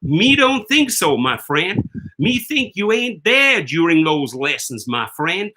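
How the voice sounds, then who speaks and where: A man's voice: a little high, big pitch swings, slow, background noise. A man voicing a mocking character in a made-up broken-English accent that he invented on the spot. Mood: taunting. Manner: taunting, drops grammar with "me think".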